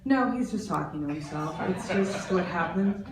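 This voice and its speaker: A woman in her forties doing a stand-up comedy set, animated and lively, jumping into loud, high voices for the people in her stories. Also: normal speed. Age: 40s. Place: art center stage. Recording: roomy, distant, faint background noise.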